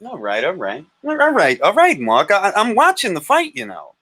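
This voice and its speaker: Animated man hosting boxing chat. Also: high voice, normal speed, no echo. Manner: animated, joking, blunt. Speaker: livestream host.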